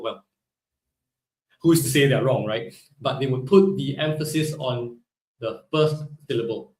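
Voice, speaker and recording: In an echoey room, a man with a mid-range voice teaches Hebrew in a live online class at a measured pace. His explanations go step by step, and he keeps asking "right?" along the way. Recording quality is low.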